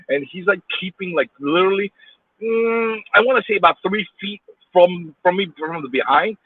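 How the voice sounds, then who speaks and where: Man, in-car stream rant, stammering, husky, swooping pitch, tinny dry sound. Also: no room sound. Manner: rambling, stammering, bursts into yelling. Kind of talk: ranting while driving. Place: car in traffic.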